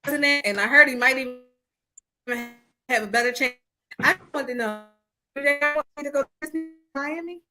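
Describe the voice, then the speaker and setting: A high-pitched woman talks fairly quickly over music, leaving long pauses. Hosting a podcast in casual chat via an internet call, she tells stories with animation and acts out quotes.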